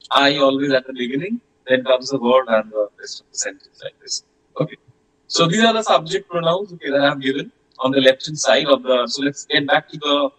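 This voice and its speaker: A man teaching French in an online class, patiently repeating words slowly for pronunciation. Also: mid-range voice, fairly bright tone, poor audio.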